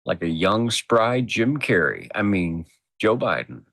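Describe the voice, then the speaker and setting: Deep-voiced man talking animatedly. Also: very animated, unhurried, creaky, a bit bright, no echo. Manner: emphatic, thinks aloud. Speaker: podcast guest. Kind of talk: casual chat.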